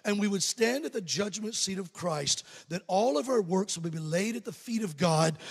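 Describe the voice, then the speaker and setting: A man's voice: high voice, husky, long reverb tail. A male evangelist preaching a fervent sermon and leading prayer in a large church sanctuary. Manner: fervent preaching, leads the congregation in responses.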